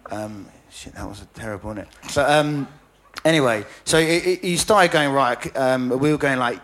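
A man's voice: mid-range voice, fairly even intonation, brisk, fairly bright tone. A man telling a rambling, self-deprecating story in casual conversation, with many stammering restarts and frequent laughter. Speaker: journalist and author guest.

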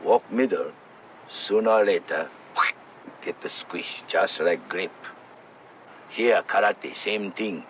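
Slow, deep man in a distant film clip. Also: slight background noise. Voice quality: slow, broken-English delivery. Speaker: film character in a played clip.

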